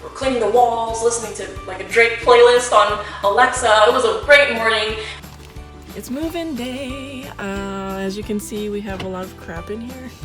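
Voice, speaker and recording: A woman's voice: fairly high pitch, normal speed. A woman vlogger telling a storytime vlog in a chatty way, full of fillers. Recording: echoey room, distant mic, faint music.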